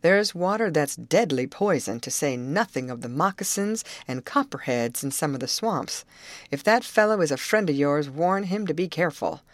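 A woman's voice: sits low, animated, normal speed, no room sound. A woman reading the part of a blunt, matter-of-fact middle-aged male overseer in an audiobook.

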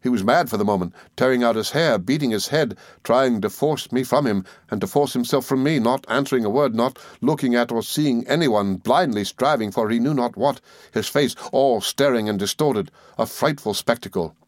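A man narrating a classic novel in the first person with measured, earnest storytelling. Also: medium pitch, dry recording, studio quality. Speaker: audiobook narrator.

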